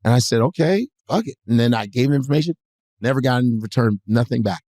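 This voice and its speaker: A man's voice: mid-range voice, fast talker, dry recording. A man, a comedian guest, telling a story in casual chat and acting out other people's lines in shifting voices. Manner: animated storyteller, acts out quotes in shifting voices, swears freely.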